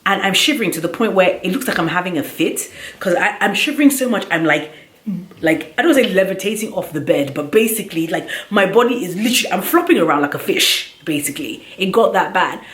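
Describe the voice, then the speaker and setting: A woman telling a personal story in a casual vlog, animated and chatty, with plenty of filler words. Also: mid-range voice, fast talker. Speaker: vlogger. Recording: roomy echo.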